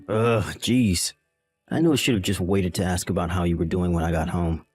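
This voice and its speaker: A man's voice: low-pitched, steady tone, normal speed, breathy edge, soft background music. A man playing a dismissive, callous young husband in a voiced text-message drama, irritated and condescending.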